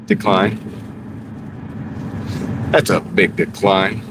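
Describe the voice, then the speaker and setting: A man's voice: lowish voice, slow pace, pauses often. A man streaming live as a delivery driver, chatting casually with viewers by name and muttering over order offers while he drives. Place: inside a car while driving. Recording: steady car road noise. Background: car engine and road noise.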